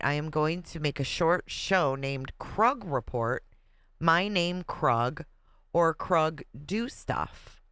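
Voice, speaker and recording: A livestream host in easy, chatty mode, reading out viewer comments and laughing along. The voice is smooth and clean, recorded dry and close on a desk mic. The delivery is slow and unhurried. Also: medium pitch, sharp tone, no room sound. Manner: chatty, laughs often, reads comments aloud.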